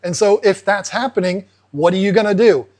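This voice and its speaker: A man's voice: high voice, a little fast. A man hosting an aquarium channel, explaining casually and acting out fish in playful asides. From United States. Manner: animated, acts out fish voices in asides.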